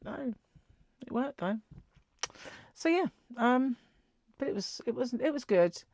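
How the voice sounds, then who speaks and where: A woman's voice: a little high, expressive, a little slow, darkish tone, no echo. A middle-aged woman chatting casually as a crochet vlogger, rambling and giggling as she tells stories. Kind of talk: casual chat.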